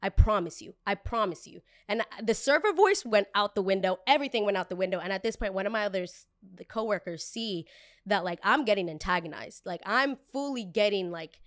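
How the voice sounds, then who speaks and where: Animated woman telling a workplace story. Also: medium pitch, a little fast. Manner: animated, dramatic retelling with quoted dialogue. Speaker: podcast host. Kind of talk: casual storytelling.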